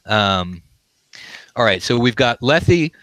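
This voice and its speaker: A man's voice: mid-range voice, lively intonation, a bit bright, no echo, rough recording. A man acting as dungeon master, narrating a tabletop game with many ums and uhs. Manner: halting, full of ums and uhs. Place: home game room on camera.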